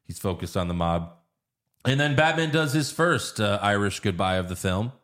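A low-pitched man in casual podcast chat, walking through a film scene by scene. He swears freely and slips into playful voices when he quotes the characters. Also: lively intonation, normal speed, fairly bright tone. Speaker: podcast host. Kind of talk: casual movie-recap chat.

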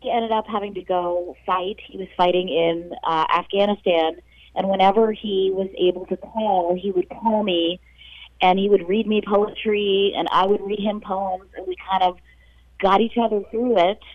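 A woman calling in to a radio show, speaking in a soft, emotional and halting way. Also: medium pitch, steady tone, no echo. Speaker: caller. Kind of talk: casual phone call. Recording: dry, muffled phone line.

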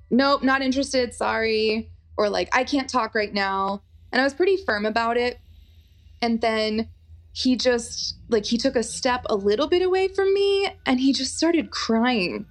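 Chatting in a casual, animated way, a young woman tells a personal story full of fillers. Her voice is a little high and her speed normal, with faint music playing in the background.

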